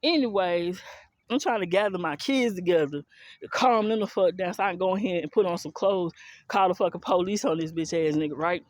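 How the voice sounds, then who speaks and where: A woman's voice: on the low side, a little fast, no room sound, studio quality. A woman telling a personal story in a casual monologue, blunt, heated and profane, with an African American Vernacular English accent and speaking straight to her listeners. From US South and Philadelphia.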